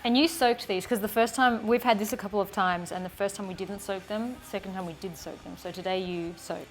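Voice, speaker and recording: Woman, home cooking vlog sidekick, wisecracks, quick laugh, faint music behind. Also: mid-range voice, fairly even intonation. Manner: jokey asides, quick to laugh. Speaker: cooking show co-host. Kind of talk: casual cooking chat. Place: home kitchen.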